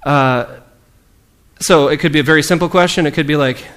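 A man preaching a sermon in a relaxed, conversational way, acting out the lines of the people in his story. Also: a little high, brisk, clean tone. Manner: lively, conversational, acts out quoted lines.

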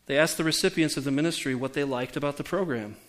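Fast and fairly high-pitched, with a bit of brightness, a male pastor in his forties preaches conversationally in church, directing questions at those gathered.

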